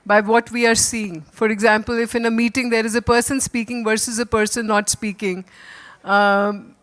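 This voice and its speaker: A woman on a panel giving earnest, measured advice with frequent pauses. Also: fairly high pitch, flat delivery. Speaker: panel guest, company leader. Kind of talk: panel talk.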